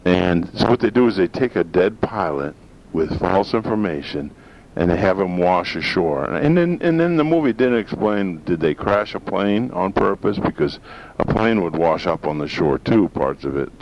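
A man's voice: deep voice, expressive, moderate pace. A man from northern Maine hosting a talk radio show, rambling in a folksy, opinionated way. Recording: dull lo-fi sound with faint hiss.

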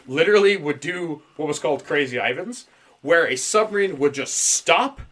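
Podcast host, male, lively bright voice, swears freely while riffing on a story. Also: a little high, moderate pace. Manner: profane, laughs a lot, animated storytelling. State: dry mouth. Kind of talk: casual conspiracy podcast chat.

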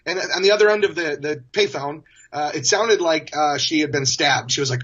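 A man in his forties, a guest telling stories in a casual, animated way, often laughing as he talks. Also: on the high side, a little fast, hardly any pauses, muffled recording. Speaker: interview guest. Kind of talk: casual storytelling.

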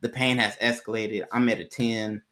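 A man's voice: fairly low pitch, level tone, moderate pace, fairly bright tone. A man in casual conversation, telling a personal story in a candid, loose way with plenty of swearing.

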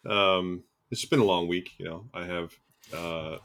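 A man's voice: sits low, fairly even intonation, a little slow, fairly bright tone. A man in his thirties hosting a podcast in casual chat, hesitant and self-deprecating, with lots of fillers and restarts. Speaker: podcast host.

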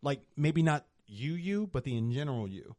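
Animated, profane man in banter. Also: mid-range voice. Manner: loud, profane, does quick impressions and voices while arguing. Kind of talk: crude casual chat among friends.

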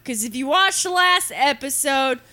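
A woman's voice: sits high, expressive, moderate pace, pushed and bright. A woman co-hosting a comedy podcast, recapping an episode in casual, sarcastic chat and swearing freely.

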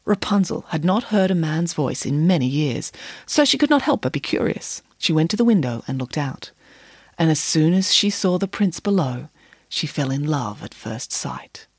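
A woman's voice: sits low, sing-song, normal speed, breathy edge, no echo, clean studio sound. A woman narrating a children's story in a playful, dramatic way. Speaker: audiobook narrator. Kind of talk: expressive scripted narration.

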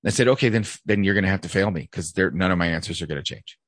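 A man with a very low voice co-hosting a casual podcast. He tells his stories bluntly and swears freely. The sound is close and dry, with no room echo. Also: racing, a bit bright. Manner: blunt, profane storytelling with frequent laughs. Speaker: podcast co-host, police officer.

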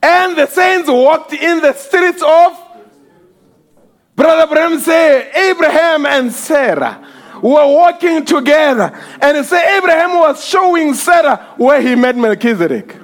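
A male preacher delivering an impassioned sermon, often shouting and crying out hallelujah as he acts out the voices in his stories. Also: extremely high pitch, lively intonation, a little slow. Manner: acts out quoted voices while storytelling. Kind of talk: fervent sermon.

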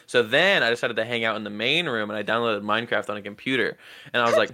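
A man's voice: on the low side, quick pace, sharp tone, dry recording, studio quality. A man co-hosting a casual podcast chat, rambling through stories, swearing and laughing often. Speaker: podcast co-host.

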